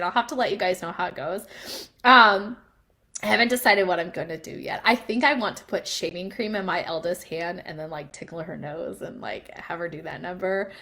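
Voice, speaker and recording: Bright, chatty mom vlogger. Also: female voice, mid-range voice. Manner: chatty and animated, laughing as she tells stories. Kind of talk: casual chat to camera.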